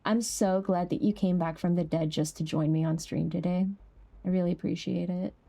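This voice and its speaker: A young woman streaming a game, chatting casually with viewers, laughing easily and jumping up high when something amuses her. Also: steady tone, moderate pace, vocal fry, warm tone. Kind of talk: casual live-stream chat.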